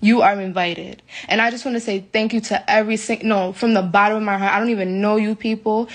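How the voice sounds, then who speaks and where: A woman's voice: medium pitch, steady tone, a little fast. An upset, shaken woman from the United States vents to her followers in a live video from a hotel room. She talks emphatically into her phone and repeats herself. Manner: emphatic and repetitive, venting. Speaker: vlogger speaking to her viewers.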